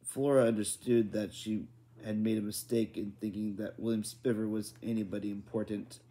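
A man reading a children's novel aloud at a steady, plain pace, with small restarts. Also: on the low side, moderate pace. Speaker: reader.

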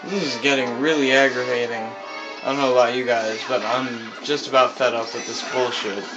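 A man doing let's play commentary, swearing constantly and yelling at the game in frustration. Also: mid-range voice, fairly even intonation, moderate pace, dull audio. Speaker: gaming commentator. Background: video game music and horse neighs.

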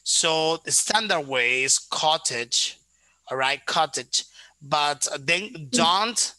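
Male English teacher, slightly higher voice, patient and repetitive, explaining pronunciation. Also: animated, sharp tone, no echo, low-quality recording. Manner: patient, repeats words back, explains pronunciation slowly. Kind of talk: online one-to-one lesson.

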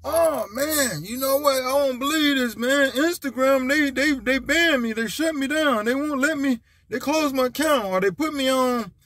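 A man putting on a high, whining voice to play a clueless, complaining adult man. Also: normal speed, few pauses, fairly bright tone, dry recording.

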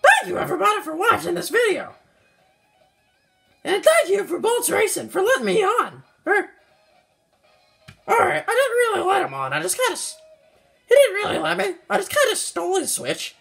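A man voicing a hyper, boastful little male mushroom kart racer with a squeaky voice and a slight southern twang, excitable and yelping at every mishap during game commentary. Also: moderate pace, gravelly, pauses often, soft background music, exaggerated voice. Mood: triumphant. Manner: excitable, yelps and complains at mishaps. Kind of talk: let's-play game commentary in character.

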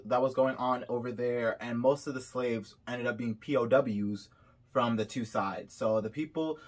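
A young Haitian-American man vlogging casually, reading results aloud with chatty asides while a bit sick. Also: mid-range voice. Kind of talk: casual vlog reaction.

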